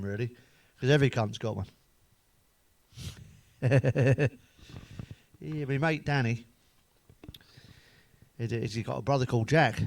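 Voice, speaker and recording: A man's voice: medium pitch, creaky, no room sound. A man telling crude jokes straight to camera, swearing freely and laughing at his own punchlines. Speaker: comedian.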